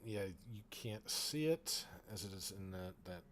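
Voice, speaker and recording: A man running a tabletop game as game master, narrating with many pauses and fillers. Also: fairly low pitch, expressive, a little hiss or hum.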